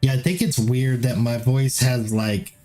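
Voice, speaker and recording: A man talking loosely on a live stream, with a lisp, a nasal edge and raspiness in his low notes, rambling through fillers in a self-deprecating way. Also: fairly even intonation, unhurried, warm tone, faint music behind. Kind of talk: casual live-stream chat.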